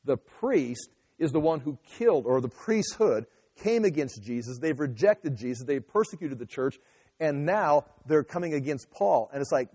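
A man's voice: fairly high pitch, animated, normal speed, darkish tone, breathy edge, in a large hall. A man giving an emphatic sermon, often restarting and repeating phrases as he teaches. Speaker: pastor.

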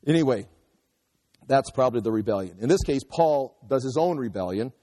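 A man's voice: mid-range voice, lively intonation, a little fast, mellow. A man giving a conversational verse-by-verse Bible teaching, explaining as he goes and acting out quotes. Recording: long hall reverb.

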